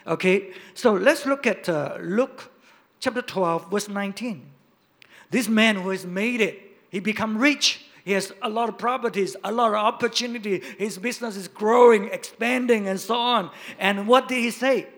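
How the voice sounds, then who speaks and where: A male pastor preaching a sermon, hitting key words loudly and dropping to quiet asides. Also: high voice, normal speed. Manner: emphatic, swings between loud stresses and quiet asides.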